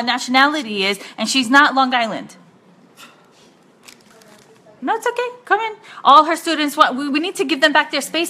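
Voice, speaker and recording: Excitable high-voiced woman host. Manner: excitable, gushing, laughs often. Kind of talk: casual live-stream chat.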